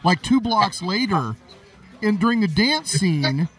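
A man's voice: high voice, very animated, unhurried, a bit bright, husky, distant mic, faint music behind, low-quality recording. A man hosting a casual interview, talking with enthusiastic praise. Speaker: host.

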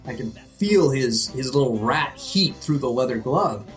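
A man co-hosting a podcast, telling a story in a casual, comedic way, animated and profane, laughing at himself. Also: medium pitch, unhurried, soft background music. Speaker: podcast co-host.

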